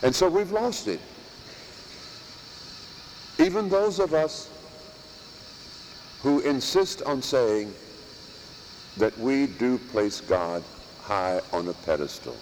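A priest preaching a sermon in slow, emphatic phrases, with long pauses and pointed rhetorical questions. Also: male voice, medium pitch, lively intonation, a little mellow, long reverb tail, a little hiss or hum, poor audio. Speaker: priest teaching at a monastery. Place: church or monastery chapel.

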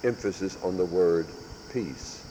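A man preaching as a parish priest, measured and emphatic, stressing and repeating key words. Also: deep voice, a little mellow. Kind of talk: sermon with announcements. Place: large church with long reverb. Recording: echoey church hall with faint background noise.

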